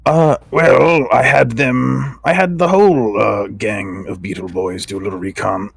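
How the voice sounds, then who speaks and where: A man's voice: mid-range voice, fairly even intonation, unhurried, vocal fry, slightly rough, no echo. A man player who speaks hesitantly with many fillers. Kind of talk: casual play at a tabletop game.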